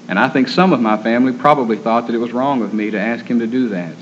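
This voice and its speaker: Earnest guy preaching, gentle storytelling, bit muffled lo-fi with faint noise. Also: mid-range voice, quick pace. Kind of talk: sermon on caring for the terminally ill. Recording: dull lo-fi recording.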